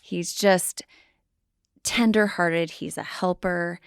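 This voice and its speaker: A woman's voice: on the low side, takes it slowly, vocal fry, smooth, no room sound, studio quality. A middle-aged woman, a podcast guest, telling family stories in casual conversation and acting out quoted dialogue. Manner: animated storytelling, acts out quoted dialogue. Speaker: podcast guest, pastor's wife.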